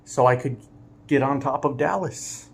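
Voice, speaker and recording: Man, truck driver, casual storytelling, animated, laughs a lot, mid-pitched voice. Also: a little slow, gravelly.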